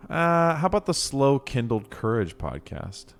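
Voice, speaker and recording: A man co-hosting a podcast, chatting casually about a book with dry asides and quick agreement. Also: medium pitch, very animated, soft background music. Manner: dry, agreeable, lots of short backchannel. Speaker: podcast co-host. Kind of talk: casual book discussion chat.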